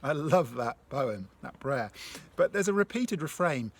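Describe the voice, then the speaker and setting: A man giving a reflective devotional talk. He reads a prayer aloud and then puts gentle questions to the listener, moving between hushed phrases and stronger ones. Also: a little high, sing-song, measured pace, husky. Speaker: speaker sharing a faith story.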